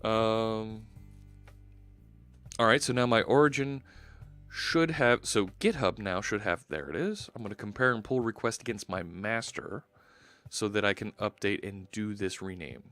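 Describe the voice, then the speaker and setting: A man's voice: on the low side, animated, unhurried, fairly bright tone, no echo, faint music behind. A man hosting a live stream, chatting casually and thinking aloud as he works at his computer. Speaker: host. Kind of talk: live-stream coding chat.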